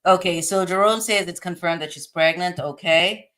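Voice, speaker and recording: A woman's voice: lowish voice, moderate pace, a bit bright. A woman hosting a casual live stream, reading chat comments aloud and laughing often as she chats.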